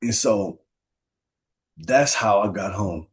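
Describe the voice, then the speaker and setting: A man's voice: on the low side, lively intonation, slow pace. Emotional man retelling a story. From Minneapolis, USA. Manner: earnest, emotional, retells others' words with "he said". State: emotional, near tears. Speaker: guest.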